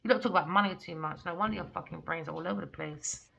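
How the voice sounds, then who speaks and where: A woman's voice: fairly low pitch, quick pace, vocal fry, a bit bright, dull audio. A woman giving a casual tarot reading, talking bluntly and animatedly and swearing freely. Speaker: tarot reader.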